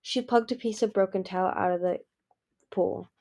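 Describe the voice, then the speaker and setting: A woman's voice: medium pitch, moderate pace, darkish tone. A woman reading a fantasy novel aloud, voicing the characters' dialogue. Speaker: audiobook reader.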